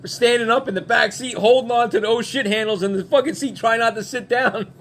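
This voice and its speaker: A middle-aged man at a bar telling a casual story in an animated, profane way, acting out the quotes. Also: extremely high pitch, a little fast, slight background noise.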